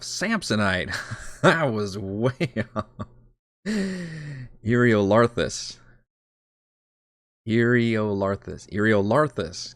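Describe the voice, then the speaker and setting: Low-voiced rambling game master. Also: male voice, fairly bright tone, dry recording, studio quality. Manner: rambling, self-correcting, laughs at himself. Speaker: dungeon master. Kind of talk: casual live-stream prep talk.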